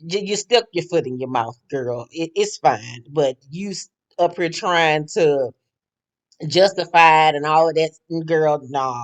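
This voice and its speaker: A woman's voice: sits low, a little slow. A woman giving a casual, gossipy, profane recap of a reality show, blunt and sassy in her opinions.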